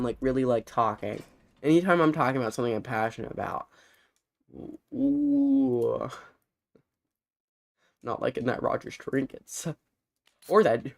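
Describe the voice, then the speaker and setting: A young man commentating on his game, rambling and interrupting himself, short of breath. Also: medium pitch. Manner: rambling, self-interrupting, animated. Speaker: gamer streamer. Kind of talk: casual gameplay commentary.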